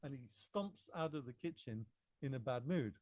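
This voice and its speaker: A man teaching meditation in a relaxed, story-telling way and acting out the people in his story. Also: mid-range voice, moderate pace, very noisy. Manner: relaxed anecdotal, acts out quotes. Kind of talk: storytelling dharma talk. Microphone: remote class microphone.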